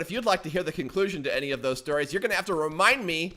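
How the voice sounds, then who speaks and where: A man gives joking let's play commentary in a fairly high, very bright, sharp voice. His pitch jumps around wildly, and he yelps whenever something in the game startles him. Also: racing. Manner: joking, animated, often yelps in surprise. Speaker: gaming channel host.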